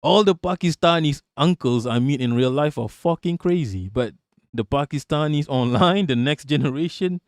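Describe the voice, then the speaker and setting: A man's voice: fairly high pitch, lively intonation, normal speed, no room sound, studio quality. A man in his thirties doing casual live-stream commentary and reading chat aloud, blunt and profane, often breaking into laughter.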